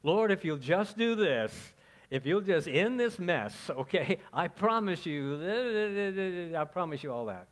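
A man's voice: sits high, very animated, takes it slowly, voice pushed up, exaggerated voice. A pastor voicing a desperate man who pleads and bargains with God, repeating his promises. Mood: pleading.

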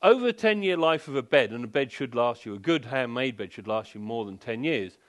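A man speaking to a live audience in a furniture showroom. His lecture is wry and playful, full of rhetorical questions, and his pitch sits in an ordinary middle range. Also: expressive, a little fast. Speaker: sleep expert giving a seminar.

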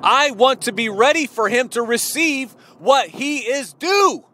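A man's voice: very high voice, lively intonation, measured pace, sharp tone. A man preaching a sermon, retelling a parable and addressing his listeners directly with emphatic questions. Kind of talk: sermon storytelling.

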